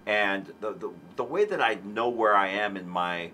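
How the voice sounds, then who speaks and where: A man in his forties speaks earnestly as a talk show guest, his voice low-pitched but sharp and forceful in tone. He stumbles through restarts and then lifts into animated emphasis. A faint background hiss sits under the recording. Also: normal speed. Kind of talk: earnest conversational storytelling.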